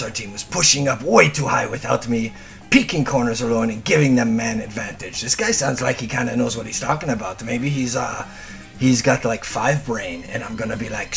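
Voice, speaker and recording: A man's voice: mid-range voice, vocal fry, fairly bright tone. A man hosting comedic video game review commentary, brash and profane with a mock-angry edge. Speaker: gameplay reviewer and host.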